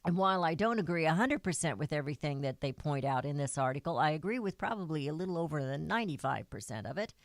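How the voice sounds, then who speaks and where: A woman's voice: low-pitched, lively intonation, fast, hardly any pauses, no room sound. A woman hosting a talk radio show, speaking in an earnest, folksy manner into a studio microphone.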